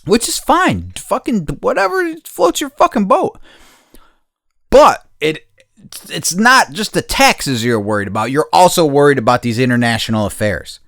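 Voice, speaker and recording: A man's voice: big pitch swings, normal speed, creaky, no echo, studio quality. Swearing American man ranting bluntly. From United States. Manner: blunt, swears constantly, swings between low mutters and loud outbursts. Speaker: podcast host. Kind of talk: profane opinion rant.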